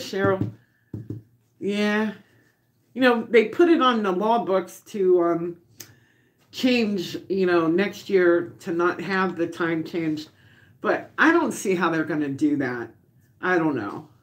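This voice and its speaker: Slow-talking woman on a livestream. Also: mid-range voice. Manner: reads viewer comments aloud, chatty and unhurried. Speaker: livestream host. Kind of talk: casual livestream chat while baking.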